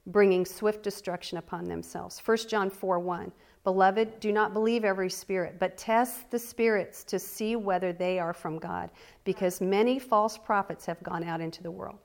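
A woman teaching the Bible, reading scripture aloud slowly and deliberately, with earnest conversational asides. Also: medium pitch, steady tone. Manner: reads slowly and deliberately, stressing key words.

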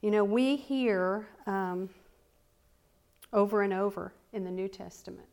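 A woman teaching the Bible, reading scripture aloud slowly and deliberately, with earnest conversational asides. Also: mid-range voice, creaky, darkish tone. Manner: reads slowly and deliberately, stressing key words.

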